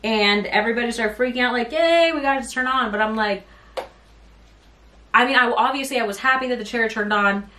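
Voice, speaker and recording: A woman's voice: on the high side, a little fast, bright, forceful tone. A young woman vlogger telling a rant-style story time, rambling and exasperated as she recounts what happened. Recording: roomy sound from a bit off mic.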